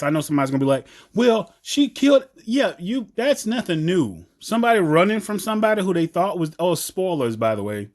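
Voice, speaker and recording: A man from the American South with a Southern accent, giving a blunt, animated opinion rant about a TV show. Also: a little high. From Southern United States. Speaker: TV commentator.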